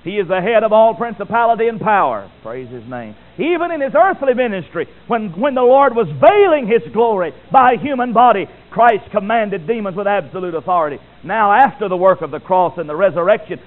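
A man preaching a sermon, emphatic, swinging from loud declarations to quiet, solemn asides, heard through a tinny recording. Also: sits high, lively intonation, a little fast, hardly any pauses.

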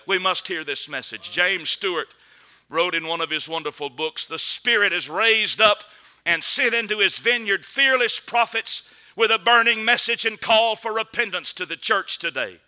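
A man delivers a sermon in a high, strikingly bright voice. He preaches with earnest conviction, building to loud, emphatic peaks and then dropping low and quiet. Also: normal speed.

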